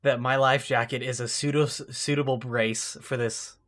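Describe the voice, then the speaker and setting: A man's voice: mid-range voice, fairly even intonation, moderate pace, a bit bright. A young man telling a long personal mishap story in casual, self-deprecating style, full of restarts and asides. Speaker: podcast co-host.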